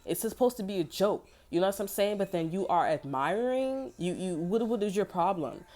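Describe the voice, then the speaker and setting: A woman's voice: medium pitch, animated, moderate pace, darkish tone. A woman tarot reader ranting to camera in a casual, heated and profane way, rambling from one point to the next. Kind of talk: casual unscripted rant to camera.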